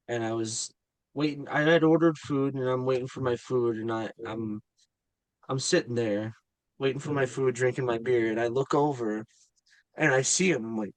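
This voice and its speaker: Excited man telling a story. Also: medium pitch, dry recording, rough recording. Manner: animated storyteller, stammers and repeats with excitement. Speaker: guest filmmaker and actor.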